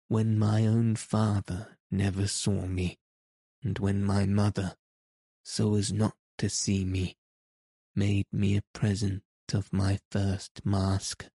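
A man's voice: low voice, dark tone, breathy edge, no room sound, clean studio sound, full character voice. A man voicing a masked phantom, tormented and menacing, with a brooding, pleading manner in an audiobook reading.

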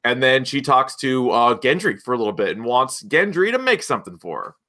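A podcast co-host recaps in a casual chat, his mid-range voice bright and animated. He acts out characters' lines in quick voices.

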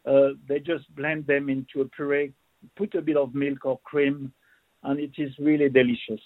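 A man's voice: medium pitch, little pitch movement, moderate pace, no echo. A man, a chef guest describing food with relish in casual radio chat. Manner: warm enthusiastic food talk, restarts. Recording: tinny phone line.

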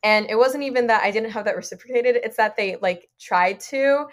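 A woman's voice: a little high, normal speed. Earnest young woman podcast guest. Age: young adult. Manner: rambling, earnest, frequent "like" and "you know". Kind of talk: casual interview chat.

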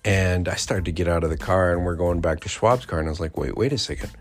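A man's voice: low-pitched, quick pace, faint music behind. A man in his forties hosting a podcast, telling a rambling, profane story and laughing as he goes. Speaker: podcast host. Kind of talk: casual storytelling.

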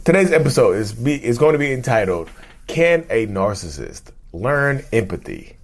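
A man hosting his own vlog in casual, animated talk, rambling with slang and frequent restarts. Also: medium pitch, moderate pace. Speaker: YouTube host.

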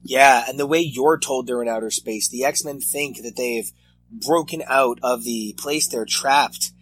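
A man in casual chat about comics, animated and often exasperated as he reviews the stories. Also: mid-range voice, measured pace, breathy edge, no room sound, low-quality recording. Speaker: comic podcast co-host.

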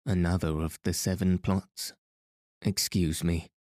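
A man's voice: sits low, flat delivery, unhurried, a little mellow, no echo. A man reading the part of a genial, teasing middle-aged priest with dry, playful humor. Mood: gently teasing.

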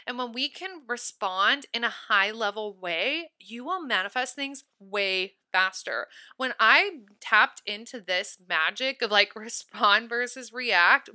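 A woman's voice: fairly high pitch, bright, forceful tone. A young woman in her twenties hosting a solo podcast, chatty and upbeat, full of "like" fillers. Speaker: podcast host. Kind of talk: casual solo podcast talk.

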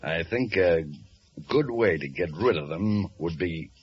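An actor playing a ruthless gang boss villain who gives curt, contemptuous orders, in 1940s radio acting. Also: male voice, low voice, animated, measured pace, husky, heavily acted. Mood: commanding. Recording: muffled old radio recording, faint noise.

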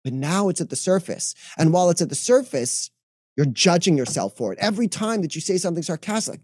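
Guy coach talking feelings on a podcast, kinda high warm voice, dry close sound. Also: slightly rough, dry recording. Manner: animated, acts out inner voices in quick asides. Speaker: mental health coach. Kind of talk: podcast interview talk.

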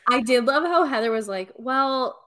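Chatty, animated woman co-host. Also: fairly high pitch, moderate pace. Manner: chatty, animated, laughs often, acts out quotes. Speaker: podcast co-host. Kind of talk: casual chat recapping reality TV.

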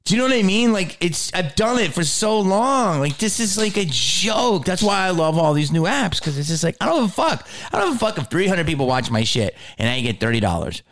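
A man's voice: high voice, sing-song, a little fast, few pauses, fairly bright tone, a little hiss or hum. A middle-aged man comedian ranting in a heated, profane, swaggering way.

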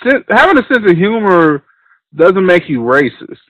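A man's voice: high-pitched, sing-song, normal speed, fairly bright tone, no room sound, rough recording. A man hosting a casual chat, laid-back and agreeable.

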